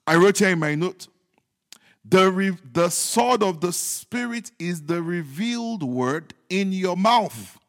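A man preaching a sermon as pastor, repeating his points emphatically and moving between loud declarations and hushed, joking asides. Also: high-pitched, animated, slow. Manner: humorous asides with chuckles. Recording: long hall reverb.

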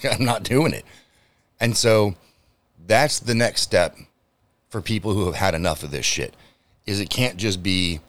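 A man with a slightly low voice hosts a solo podcast rant. He talks in a heated, emphatic way, full of swearing, and speaks straight to his listeners as if rallying them. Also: normal speed, long pauses, fairly bright tone. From United States. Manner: direct address to listeners. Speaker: podcast host.

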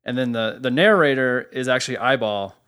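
A man co-hosting a casual podcast, telling a story with animated, profane energy. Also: mid-range voice, brisk. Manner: animated storyteller, swears freely. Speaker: podcast co-host.

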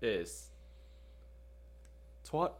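A man appearing as a guest on a casual podcast, hesitant and unhurried, thinking aloud before he answers. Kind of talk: casual chat.

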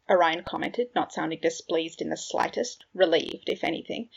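A woman narrating a fan fiction audiobook in a steady storytelling manner. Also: deep voice, normal speed, creaky, husky. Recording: dull lo-fi recording.

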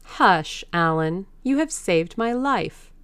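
Woman doing Dorian Gray, a brisk young gentleman. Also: fairly low pitch, lively intonation, smooth, no room sound. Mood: pleading. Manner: soft pleading, then brisk and authoritative. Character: Dorian Gray, young Victorian gentleman, pleading then commanding.

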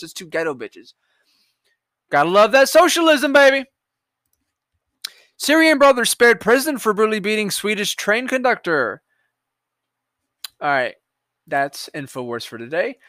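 Profane, sarcastic man with lively pitch. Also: no room sound. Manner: profane, sarcastic, mocking asides. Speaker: podcast host. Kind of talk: solo commentary reading headlines.

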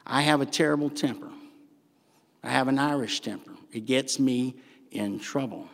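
An older man with a Southern accent preaching a sermon in a church, folksy and animated with humorous asides. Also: medium pitch, moderate pace, creaky. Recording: long hall reverb.

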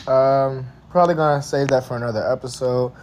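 A man's voice: mid-range voice, fairly even intonation, brisk, darkish tone, a little hiss or hum. A man hosting a podcast in casual chat. He hesitates and searches for his words. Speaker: podcast host.

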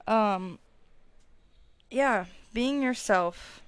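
A young woman in her twenties hosting a casual solo podcast, chatty and swearing freely, with her loudness swinging up and down as she talks. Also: a little high, extremely slow, long pauses, clear, resonant tone, no room sound. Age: 20s. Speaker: podcast host.

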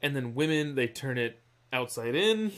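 An excitable man in casual podcast conversation, rambling from one thought to the next. His voice sits at an ordinary middle pitch but leaps upward whenever something surprises him. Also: normal speed. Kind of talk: casual chat.

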